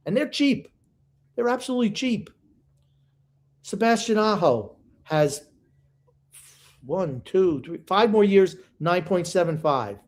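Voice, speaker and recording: Older man, grumpy sports podcast co-host, fairly high voice, blunt and teasing. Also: animated, slow, pauses often, a little mellow. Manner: gruff, opinionated, ribbing. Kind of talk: casual sports podcast chat.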